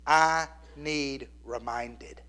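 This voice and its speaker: A man in his fifties preaching a sermon, telling a story in an earnest, conversational way and dropping to a hushed near-whisper at tender points. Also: medium pitch, very slow. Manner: plainspoken and conversational with the congregation. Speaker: pastor.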